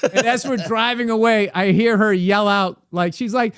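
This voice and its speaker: A man's voice: high-pitched, moderate pace, clear, resonant tone, no room sound, clean studio sound. A comedian guest telling a long, profane story on a podcast, laughing as he goes. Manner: profane, animated, laughs through his story.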